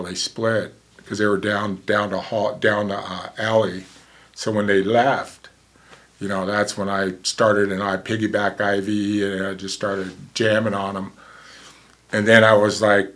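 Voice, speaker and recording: A man's voice: on the low side, a bit bright. A man in his sixties, a former paramedic, telling a vivid story in a casual way and acting out the dialogue.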